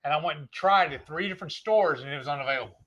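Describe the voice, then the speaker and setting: A man's voice: fairly high pitch, racing, fairly bright tone. A man hosting a live cooking stream, chatting casually while he cooks. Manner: laid-back, talks while cooking.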